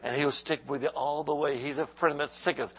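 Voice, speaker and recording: A pastor preaching a sermon, his voice sitting high for a man. He calls questions out to the congregation and answers them himself. He drops to near-whispers and then climbs to shouted lines. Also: steady tone, a little fast. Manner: preaching with call-and-response, swinging from hushed to shouting.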